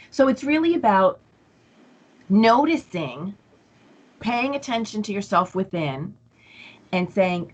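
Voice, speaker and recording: A woman's voice: medium pitch, unhurried, dull audio. A woman speaking as an interview guest, casually telling stories and acting out her own inner voice. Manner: animated storytelling, acts out her own inner voice. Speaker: guest, empath coach.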